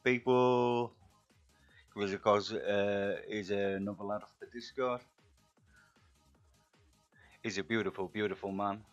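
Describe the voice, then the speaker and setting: Middle-aged Yorkshire man, low voice, chatty live-stream host, dull lo-fi audio with faint music behind. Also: steady tone, measured pace, long pauses. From England. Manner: chatty, banters with viewers, rough-edged. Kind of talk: casual live-stream chat while painting miniatures.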